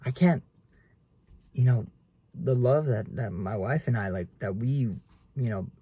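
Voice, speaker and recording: Young man, earnest casual preacher, mellow husky voice, talks straight to viewers. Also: medium pitch, a little slow, no echo. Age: 20s. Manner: earnest, keeps addressing viewers as guys. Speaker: realtor vlogger.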